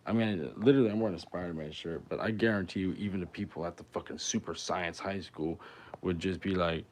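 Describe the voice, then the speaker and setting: A man's voice: sits low, steady tone, fast, highs cut off. A young man, a musician talking to his viewers in a rambling, crude and joking livestream chat. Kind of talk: casual livestream banter.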